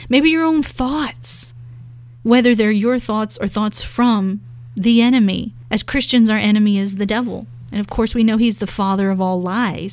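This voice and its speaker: An earnest woman delivers a devotional sermon at a middle pitch, reading scripture aloud and slowing down to press her points. The recording is dry and close, with no room sound. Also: a little mellow, no room sound. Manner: earnest, slows for emphasis, reads scripture aloud. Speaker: preacher.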